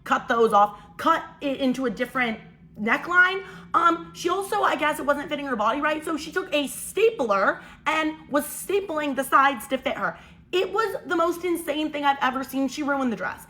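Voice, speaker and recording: Bright, exasperated young woman storyteller. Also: high voice, moderate pace. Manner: animated, exasperated, incredulous. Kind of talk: storytime vlog narration.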